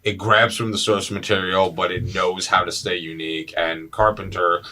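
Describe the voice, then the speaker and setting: A young man hosting a casual movie podcast, animated and joking, swearing freely. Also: sits low, moderate pace. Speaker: podcast host.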